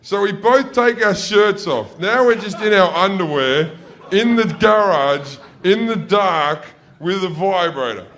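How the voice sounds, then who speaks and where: A man's voice: high voice, expressive, unhurried, fairly bright tone. A man telling rambling, profane stand-up stories, often correcting himself mid-sentence. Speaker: stand-up comedian. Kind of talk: stand-up comedy storytelling.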